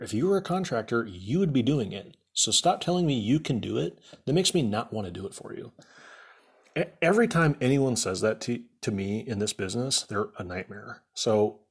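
A man's voice: fairly low pitch, slightly rough. A man, a remodeling contractor, telling a rambling, exasperated story about a bad client job, with lots of fillers. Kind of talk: casual storytelling rant.

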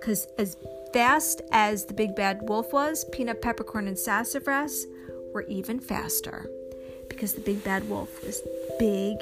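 Slow, expressive woman telling a children's story. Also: medium pitch. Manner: slow and expressive, with sound effects and gasps. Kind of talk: improvised children's story narration. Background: music.

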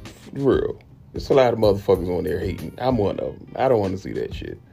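A young man, hosting a podcast and ranting bluntly and profanely, often jumping into high incredulous tones. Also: sing-song, fast, creaky, dark tone, faint music behind. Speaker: podcast host. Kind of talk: casual podcast rant.

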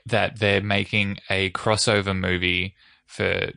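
A man's voice: low-pitched, level tone, slow, vocal fry, sharp tone, no echo. A man co-hosting a casual film chat, making dry, wry asides. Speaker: podcast co-host. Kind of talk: casual chat about films.

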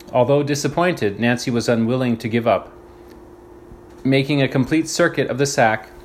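A man reading a storybook aloud, slow and deliberate, pausing to explain words. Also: medium pitch, a little hiss or hum. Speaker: reader.

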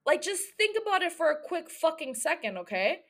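A woman's voice: extremely high pitch, big pitch swings, brisk, fairly bright tone. A young woman hosting a podcast alone, rambling through a profane, giggly rant that jumps from one thought to the next. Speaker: solo podcast host.

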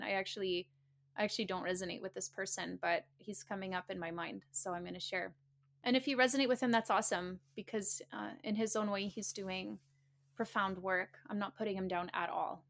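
A woman's voice: mid-range voice, fairly bright tone. A woman speaking casually to her listeners, telling a story with animation, laughing often and repeating phrases earnestly. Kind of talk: casual spoken talk to listeners.

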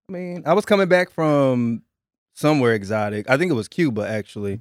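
A man co-hosting a casual chat, joking and telling a quick story of his own. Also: medium pitch, animated, no echo, clean studio sound.

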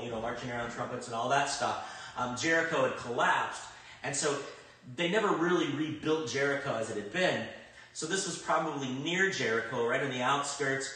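A man preaching a sermon in a conversational way, swinging between loud emphatic bursts and quiet reflective stretches. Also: on the high side, recorded from a distance. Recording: very echoey room, speaker off-mic.

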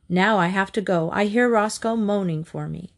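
A woman doing an outraged, shrill storybook mom; icy and accusing. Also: normal speed, close to an everyday voice. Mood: indignant. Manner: shrieking, cold and accusing. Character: furious mother of a hurt boy, shrill and indignant.

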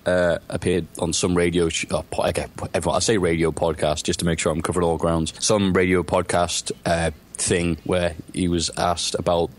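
A man's voice: deep voice, flat delivery, moderate pace, hardly any pauses. A man who is a podcast guest, talking in a rambling storytelling way and acting out the voices of the people he quotes. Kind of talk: casual podcast chat.

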